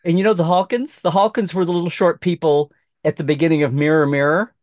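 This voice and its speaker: A middle-aged man from Oklahoma, a podcast guest, telling a lively story in casual chat, acting out quoted voices with many restarts. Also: a little high, fast, dry recording, studio quality.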